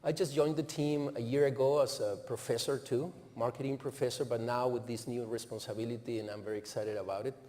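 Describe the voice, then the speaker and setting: A man's voice: medium pitch, fairly even intonation, brisk, hardly any pauses, warm tone. A man from Mexico with a Mexican accent, introducing himself politely on a university panel. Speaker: panelist, center director. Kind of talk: panel discussion. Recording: reverberant hall, faint room noise.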